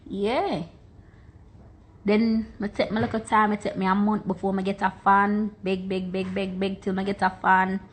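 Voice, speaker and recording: A Jamaican woman chats on a phone livestream and tells her life story in a casual way. She hammers her points home by saying words again and again. Her voice has a middling pitch. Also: level tone, normal speed, husky. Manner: emphatic, repeats words for stress. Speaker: social media personality. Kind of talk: Instagram live chat, personal storytelling.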